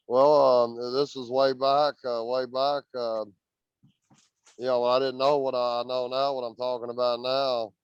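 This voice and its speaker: A man's voice: medium pitch, clean tone, no echo, highs cut off. A man from Indiana, a guest earnestly telling a story in casual chat, often repeating words as he goes. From Indiana, USA.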